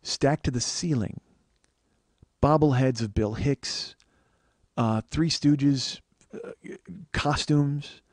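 A man in his forties hosting a comedy podcast, telling stories in an animated, profane, ranting way. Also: medium pitch, slow, long pauses, no echo, clean studio sound. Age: 40s. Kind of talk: comic storytelling monologue.

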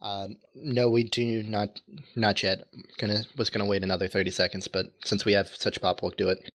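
A man's voice: on the low side, level tone, normal speed, a bit bright, no room sound. A man reporting as a squad leader in an online war game, speaking casually and a bit hesitantly.

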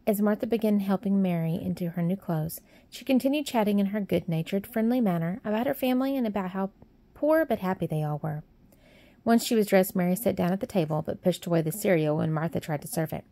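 A woman narrating a storybook in a steady, even storytelling manner. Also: lowish voice, fairly quick, no room sound. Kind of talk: storybook reading.

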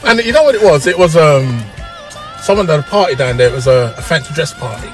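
A middle-aged man with a South London accent telling a long story in an interview, lively and quick to laugh and act out the voices. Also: fairly high pitch, faint music behind. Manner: animated, breaks into laughter and acts out voices. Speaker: interview guest, radio pioneer. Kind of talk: casual storytelling.

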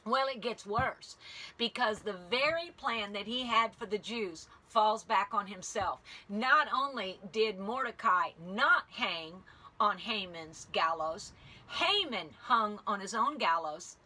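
A woman leading a casual Bible study who retells scripture in an animated, chatty way. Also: mid-range voice, takes it slowly, husky.

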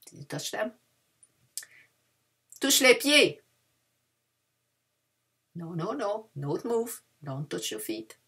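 Husky woman teaching to children. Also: fairly low pitch, big pitch swings, normal speed. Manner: patient, switches between English and French. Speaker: French teacher. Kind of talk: children's language lesson. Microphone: video lesson.

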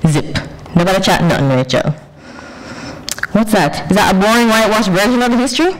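A woman's voice: medium pitch, voice pushed up, close to an everyday voice, low-quality recording. A woman voicing her own sassy, blunt inner voice in a Jamaican patois accent. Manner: brash, teasing, quick retorts.

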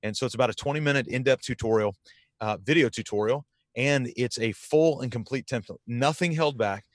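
Business coach guy on a podcast, pumped and emphatic, average pitch, dry sound. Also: a little fast, dry recording. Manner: energetic, emphatic, enthusiastic pitch. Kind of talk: podcast interview.

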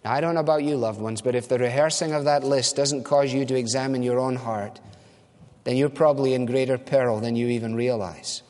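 A man's voice: mid-range voice, fairly even intonation, brisk, a little mellow, big-room sound. A man preaching a sermon as a pastor, earnest and direct, asking and answering rhetorical questions.

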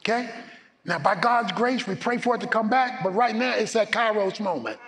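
A man preaching a sermon as pastor, emphatic, swinging between loud declarations and low asides. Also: moderate pace, in a large hall.

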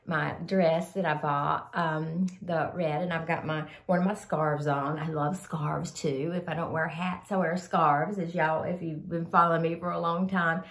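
A woman's voice: low-pitched, fairly even intonation, measured pace, few pauses, fairly bright tone, reverberant. An older woman, chatting casually to camera about products she likes, a bit sniffly from a cold, rambling and calling viewers y'all. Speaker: vlogger sharing favorite products.

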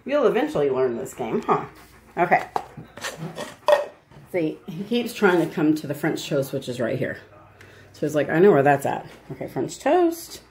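A woman's voice: sits low, sing-song, moderate pace, pauses often, a little mellow, a little hiss or hum. A woman at home playfully giving her dog commands and encouragement during a game. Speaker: dog owner and channel host. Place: at home, at a table.

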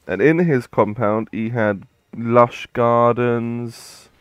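A man's voice: medium pitch, steady tone, slow pace, smooth, dry recording, muffled recording. A man hosting a game playthrough, retelling a story in a rambling, hesitant way with many fillers. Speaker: let's play host.

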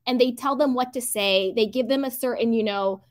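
A woman's voice: on the high side, moderate pace. A woman hosting a casual livestream, greeting viewers by name, reading out their comments and giving her own strong opinions.

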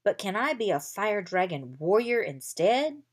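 A woman's voice: mid-range voice, sing-song, measured pace. A woman reading aloud as a stubborn, eager young princess who rides a fire dragon.

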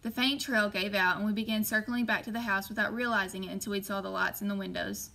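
A woman narrating a first-person novel as an audiobook, steady and measured. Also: mid-range voice, gravelly, low-quality recording.

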